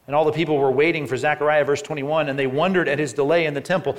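A man preaching a sermon, animated and asking rhetorical questions, acting out the people in the story. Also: on the high side, fairly quick, hardly any pauses. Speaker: pastor.

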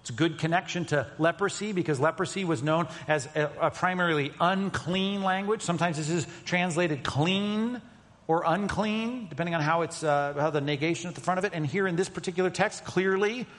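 A pastor preaching a sermon, emphatic, moving between loud stresses and hushed asides. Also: male voice, a little high, fairly quick. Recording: long reverb of a large hall.

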